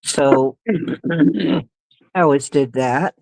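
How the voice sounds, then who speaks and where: A woman's voice: deep voice, very slow, gravelly, a little mellow, no room sound, poor audio. A woman hosting a livestream, telling stories in a rambling, hesitant way with many fillers and little laughs. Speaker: livestream host. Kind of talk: casual storytelling chat.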